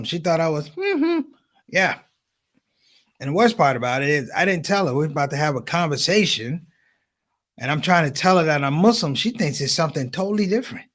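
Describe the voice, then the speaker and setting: A man doing stand-up comedy, telling stories as an animated storyteller with big voice swings. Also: a little high.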